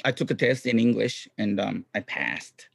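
A middle-aged man, a guest chatting in an interview in upbeat, halting English full of ums. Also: on the low side, animated, gravelly, dry recording, clean studio sound. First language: Japanese. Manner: upbeat, frequent ums, non-native phrasing. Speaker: guest, clown comedian and actor. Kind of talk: casual interview chat.

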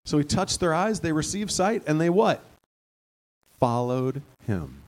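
A man's voice: on the high side, sing-song, a little slow, darkish tone. A man preaching a sermon in a conversational way, now and then rising to fervent emphasis. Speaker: pastor.

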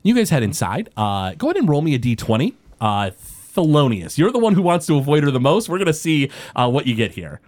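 A man's voice: fairly high pitch, huge pitch swings, quick pace, darkish tone. A man narrating a tabletop role-playing game as game master, in a loose way with many fillers.

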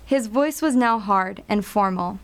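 A woman reading a scripted story in a measured, wry storytelling voice. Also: mid-range voice. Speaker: narrator.

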